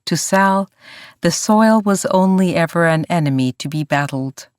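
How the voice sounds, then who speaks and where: An audiobook narrator reading a historical story in an even, measured way. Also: mid-range voice, no echo, studio quality. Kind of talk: scripted narration.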